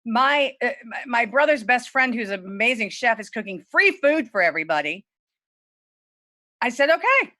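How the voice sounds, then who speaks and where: A middle-aged woman from Louisiana tells a wild true story to a virtual story slam audience, frank and unfiltered with plenty of swearing. Her tone is bright and forceful, and when she quotes herself her voice shoots way up. The sound is dry and close, as from a home video call. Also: moderate pace, no room sound. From Lafayette, Louisiana. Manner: animated, candid, swears freely, voice leaps high when quoting herself.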